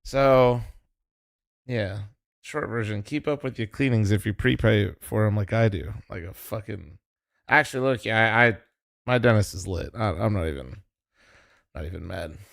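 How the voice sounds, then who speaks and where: A man's voice: lowish voice, moderate pace, gravelly, a bit bright. A man hosting a live-stream watch party, chatting casually with his viewers in a loose, laughing, profane way with a slightly nasal voice. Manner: loose, swearing, laughing, talking straight to chat.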